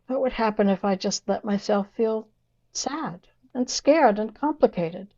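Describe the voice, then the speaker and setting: Older woman opening up to a friend, hesitant and self-doubting, over a dull low-fi line. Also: animated, unhurried, mellow. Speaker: guest, old friend. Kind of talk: casual chat between old friends.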